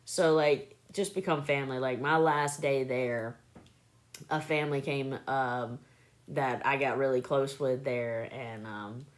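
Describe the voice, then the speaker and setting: A woman with a low voice tells stories casually into her phone on a live stream. She is chatty and animated, and she keeps breaking into laughter. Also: measured pace. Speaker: livestreamer recalling clinic work.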